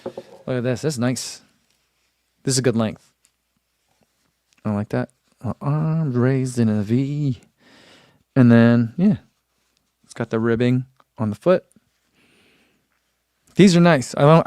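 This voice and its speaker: A young man in easy, rambling livestream chat, his voice sitting at an ordinary middle pitch. The sound is dry and close, with no room around it. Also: a little mellow, smooth, dry recording. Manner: easygoing, rambling, reads chat comments aloud. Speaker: running channel host.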